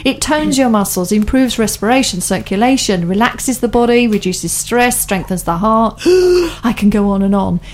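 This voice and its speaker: A woman's voice: on the high side, animated, normal speed, hardly any pauses. A woman hosting a radio chat show, talking enthusiastically in long, running sentences. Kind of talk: casual studio chat.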